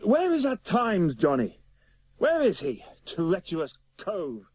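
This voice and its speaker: A man voicing an excitable, dandyish male cavalry captain who makes a show of his outfit in a radio drama. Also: sits high, slow, voice pushed up, exaggerated voice. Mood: giddy. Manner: giddy, showy, fussing over his outfit.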